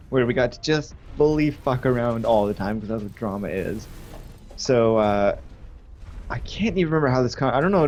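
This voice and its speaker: A young man in his twenties, chatting and telling a high school story while streaming a game, animated and full of fillers. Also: a little hiss or hum. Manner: animated, laughing, lots of fillers. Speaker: gaming streamer. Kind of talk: casual storytelling while gaming.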